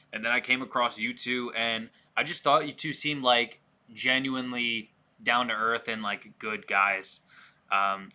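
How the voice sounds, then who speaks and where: Man, podcast host, very bright voice, mid pitch, eager, casual interview. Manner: enthusiastic, laughs often.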